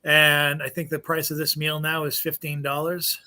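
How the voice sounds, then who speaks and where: Brief: male podcast co-host, bright tense tone, loose joking delivery with lots of restarts. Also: on the high side, completely flat delivery, moderate pace. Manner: joking, rambling, with many restarts and fillers. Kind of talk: casual chat.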